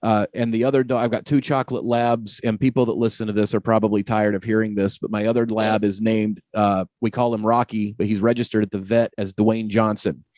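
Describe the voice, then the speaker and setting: A man's voice: lowish voice, flat delivery, a little mellow. A man hosting a podcast, chatty and jokey in casual conversation. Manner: chatty and jokey, quick to laugh. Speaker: podcast host.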